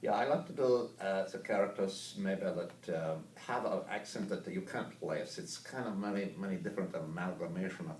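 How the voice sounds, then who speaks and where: Man, from the American South, voice actor, chatty, low voice, roomy, distant. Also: moderate pace, hardly any pauses, a little hiss or hum. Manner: chatty, anecdotal, laughs often. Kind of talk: casual interview. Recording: roomy, distant mic with ambience.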